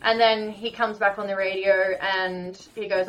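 Australian woman, podcast guest, animated storyteller, mid-pitched voice. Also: a little slow, low-quality recording. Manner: animated, emotional storyteller, laughs often. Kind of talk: casual storytelling.

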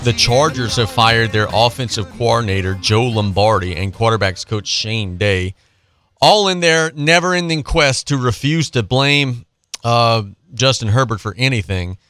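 A man's voice: mid-range voice, a little slow, a bit bright, faint music behind. A man hosting a sports talk show, ranting about football with a sarcastic, casual delivery.

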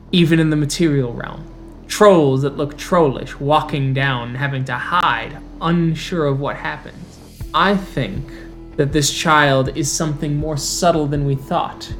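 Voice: mid-range voice, natural voice. A player putting on an Irish werewolf king. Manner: loud, declamatory, slow emphatic phrasing. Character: legendary male werewolf king, commanding. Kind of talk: in-character roleplay speech.

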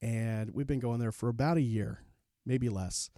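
A middle-aged man tells his own story as a podcast guest, rambling candidly with frequent fillers and restarts. His voice is warm and mellow, and his pitch is average for a man. The sound is dry and close, with no room echo. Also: moderate pace. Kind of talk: personal storytelling in an interview.

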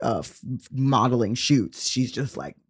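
Lively laughing podcast guest. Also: medium pitch, measured pace, husky, no echo, clean studio sound. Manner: laughs often, animated and rambling with many fillers. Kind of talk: casual podcast chat.

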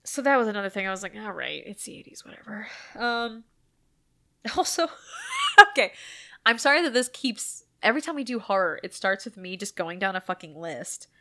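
A woman's voice: mid-range voice, wildly swooping pitch, fairly quick, bright, forceful tone. A woman co-hosting a casual movie podcast, reviewing a horror film, laughing often and acting out scenes with a bit of swearing. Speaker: podcast co-host.

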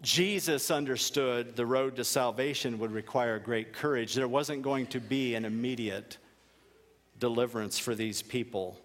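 A man's voice: medium pitch, measured pace, long reverb tail. A male pastor delivering a sermon in an earnest, emphatic way, repeating key phrases for weight.

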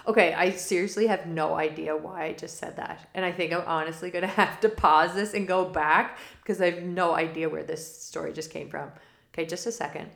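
A gravelly, lowish, fairly bright voice belongs to a woman hosting a spiritual forecast podcast, speaking a little fast with fairly even intonation. She rambles casually through tangents and laughs often mid-sentence. The recording carries a roomy echo.

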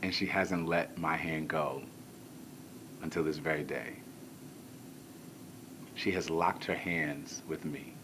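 A male pastor telling a comic personal story in a sermon, animated, moving from hushed to shouting, with colloquial asides to the crowd. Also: very deep voice, takes it slowly, long pauses, noisy background.

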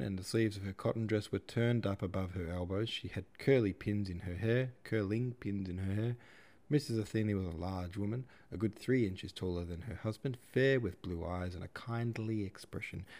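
A man narrating a classic novel as an audiobook in a steady, measured reading. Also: sits low. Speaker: audiobook narrator, podcast host.

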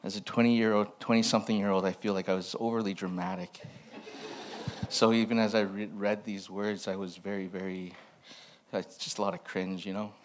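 A man's voice: lowish voice, little pitch movement, fairly quick, slight background noise. A man preaching as a pastor in a personal sermon, reading from his old journal in a candid, reflective and self-mocking way.

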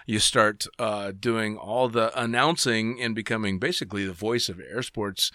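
A man's voice: fairly low pitch, fairly even intonation, normal speed, sharp tone, no echo, studio quality. A man hosting a casual chat who talks bluntly, swears freely and eggs his guest on. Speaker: podcast host.

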